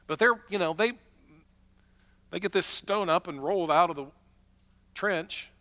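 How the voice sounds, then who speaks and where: Male pastor, sermon delivery, bright and forceful, chatty storyteller. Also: high-pitched, a little slow, big-room sound. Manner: conversational storytelling with acted-out asides.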